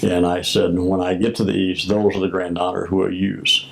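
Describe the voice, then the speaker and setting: Older guy, low gravelly voice, easygoing storyteller doing back-and-forth quotes. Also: little pitch movement, rough recording. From United States. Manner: unhurried storyteller, acts out quoted exchanges. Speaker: former Masonic grand master. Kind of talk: oral history recollection.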